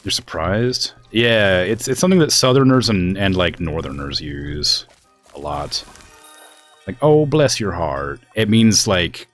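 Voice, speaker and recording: A deep-voiced man from the US West Coast streams a game, talking unhurriedly in a fairly bright tone over soft background music. He rambles casually with lots of fillers and sounds exasperated about his family.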